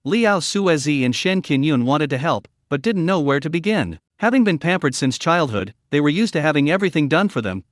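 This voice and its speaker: A man reading a story recap aloud as scripted narration, with a lively storyteller delivery. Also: on the high side, dry recording, clean studio sound.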